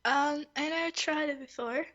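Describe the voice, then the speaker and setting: Woman, hesitant giggly guest, high voice, dull lo-fi recording. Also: normal speed, a bit bright. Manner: hesitant, brief answers, giggly. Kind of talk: casual chat. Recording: dull lo-fi audio.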